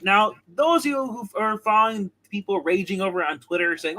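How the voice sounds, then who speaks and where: A man's voice: high-pitched, fairly quick, hardly any pauses, bright, forceful tone, slight background noise, poor audio. A man co-hosting a casual TV review show, rambling with many restarts and rants. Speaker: co-host of a show reviewing comics and TV.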